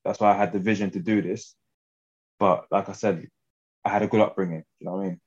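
A man's voice: low-pitched, fairly even intonation, fast talker, darkish tone, husky, highs cut off. A young English man talking as a guest fighter in a casual interview, laid-back and slangy, often laughing.

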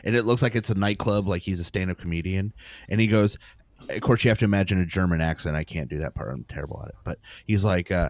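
Rambling low-voiced man, dry close mic. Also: quick pace, no room sound. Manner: rambling, laughs often, trails off. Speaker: podcast co-host. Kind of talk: casual chat, rambling anecdotes.

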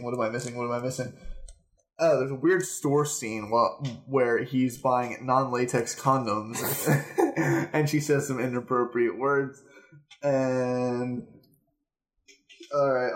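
A young man in casual podcast chat, recapping a show with a playful, laughing manner. He slips into high, goofy voices when he quotes characters. His pitch sits in the middle for a man. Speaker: podcast co-host.

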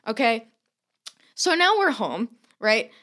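Young female podcast co-host, slightly high voice, animated, filler-heavy storyteller. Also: slow. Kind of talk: casual chat, telling a long anecdote.

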